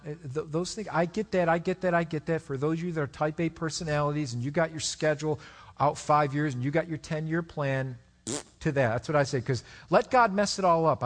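A male pastor delivers a sermon in a high voice. His delivery is animated, with big swings in pitch and loudness. He reads scripture aloud and breaks off for playful asides to his congregation.

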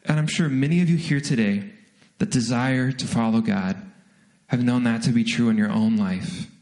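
A young adult man preaching a sermon, telling a story with lively, self-deprecating acted asides. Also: medium pitch, normal speed. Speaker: pastor.

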